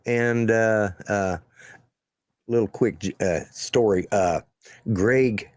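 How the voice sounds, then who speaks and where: A man's voice: on the low side, slow pace, no echo, clean studio sound. A man hosting a casual political chat show, rambling with many fillers and restarts. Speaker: show host.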